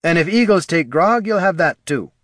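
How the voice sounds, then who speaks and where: Kindly old tavern keeper, voiced by a male narrator, raised and coaxing, gentle to the end. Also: a little high, animated, normal speed, dry recording, studio quality, pitched above the performer's own voice. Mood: soothing. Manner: coaxing, soothing.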